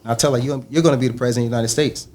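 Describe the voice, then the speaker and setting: A man talking quickly and earnestly on a podcast. He tells animated stories in a relaxed, casual way, with his voice sitting at an everyday middle pitch. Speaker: podcast host. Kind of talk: casual chat.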